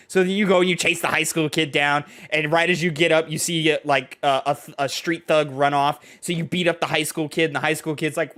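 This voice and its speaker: Young man, casual podcast co-host, slightly high voice, animated storyteller. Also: a little fast, few pauses. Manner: animated storytelling, acts out quoted lines. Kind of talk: casual chat.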